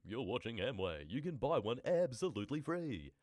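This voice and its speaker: A man's voice: medium pitch, very animated, normal speed, darkish tone, dry recording, voice pushed up. A man imitating a pushy male infomercial announcer with a punchy sales delivery. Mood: salesy. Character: loud smooth-talking male infomercial announcer.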